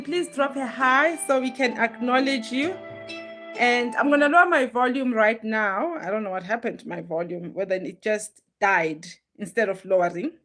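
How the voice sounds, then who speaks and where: A woman's voice: a little high, normal speed, a bit bright. A woman hosting a casual live stream, greeting viewers by name as they join, her voice a little off today. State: voice a bit off. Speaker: livestream host. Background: music playing.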